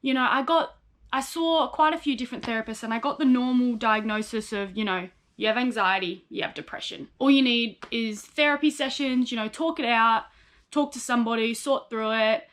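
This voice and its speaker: A woman's voice: on the high side, normal speed, fairly bright tone. A young woman speaks in a raised, light register. She tells her own story candidly and frankly, in a personal vlog, and she slips into the voices of the people she remembers. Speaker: psychologist in training sharing her story.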